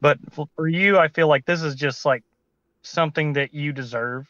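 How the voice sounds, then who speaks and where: Earnest male co-host, slightly high voice, muffled dry remote audio. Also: moderate pace, fairly bright tone, no echo. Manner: earnest, rambling with fillers. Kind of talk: casual chat.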